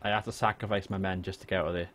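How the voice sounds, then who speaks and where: A man's voice: low-pitched, level tone, racing, a bit bright. A young man from Wales streaming a strategy game, chatting casually, swearing and joking with his viewers. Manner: chatty, swears, talks to chat and jokes. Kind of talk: casual gaming livestream commentary. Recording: faint background noise.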